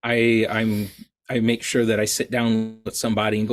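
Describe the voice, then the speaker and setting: A man's voice: fairly low pitch, monotone, normal speed. A man being interviewed on a podcast, talking about his art in a rambling, self-deprecating way, with many restarts. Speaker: guest artist.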